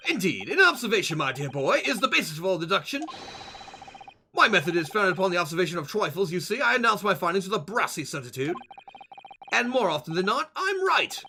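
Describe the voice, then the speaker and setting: A boastful, eccentric detective with a put-on British accent, bright and ringing, swooping up and down as he holds forth, as a streamer reads him out. He lectures grandly on his own brilliance. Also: sits high, big pitch swings, a little fast, slight background noise, heavily acted. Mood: pompous. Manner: grandiose, theatrical.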